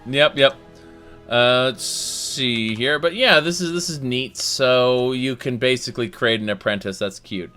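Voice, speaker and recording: A man with a bright, forceful voice rambles through a casual game chat, full of ums and offhand curses. Faint music sits under his talk. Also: mid-range voice, unhurried. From Colorado. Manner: rambling, swears casually, many fillers. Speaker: stream host.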